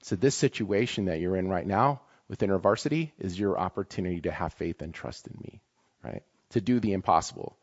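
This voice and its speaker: A man's voice: deep voice, expressive, fairly quick, breathy edge, highs cut off. A man in campus ministry giving a conversational, emotional sermon, often asking "right?". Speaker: campus ministry staff speaker. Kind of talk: casual sermon talk.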